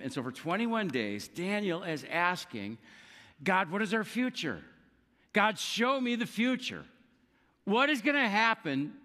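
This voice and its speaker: A man preaching a sermon, telling a scripture story with lively emphasis and acting out quoted lines. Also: on the high side, big-room sound. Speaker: pastor.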